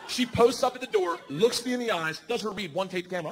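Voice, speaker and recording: Man, 40s, stand-up comedian, lively swooping delivery, shouted punchlines, noisy live recording. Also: very high voice, racing, hardly any pauses. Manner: loud, animated storytelling with shouted punchlines. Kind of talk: stand-up set. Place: comedy stage before a live audience.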